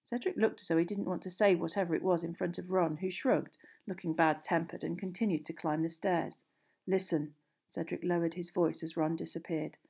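A woman narrating a storybook aloud in a steady, measured reading. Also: lowish voice, vocal fry, slightly rough. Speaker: audiobook narrator.

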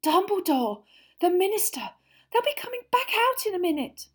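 A woman's voice: very high voice, very animated, normal speed, voice pushed up. A woman doing a breathless, terrified schoolgirl. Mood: distraught. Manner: urgent, panting, choked.

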